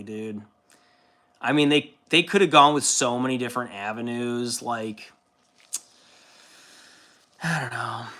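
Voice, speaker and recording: A man's voice: medium pitch, bright, forceful tone. A man streaming casually while painting, rambling in a laid-back way and swearing freely.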